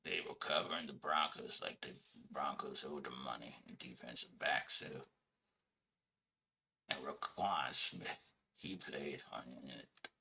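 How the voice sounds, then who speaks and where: A man puts on a sports columnist with a deep, hushed voice that drops toward a whisper. He mutters his grades of the players and tacks on mm-hmm asides. The tone is gravelly. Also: unhurried, slight background noise, heavily acted. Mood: dry. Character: low, mumbling male sports columnist.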